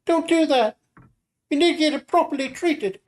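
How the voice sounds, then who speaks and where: A woman voicing a frightened young female companion, reading visual novel lines aloud in a high, breathless voice. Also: moderate pace, a little mellow, close to an everyday voice. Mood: worried. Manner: high, breathless, alarmed calls.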